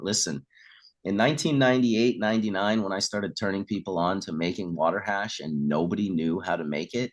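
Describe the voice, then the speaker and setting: A man's voice: on the low side, fairly quick. A middle-aged man chatting as a guest, telling stories casually and acting out the voices of the people in them, with the odd swear word. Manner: animated storyteller who acts out quoted voices and swears casually. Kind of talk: casual storytelling chat.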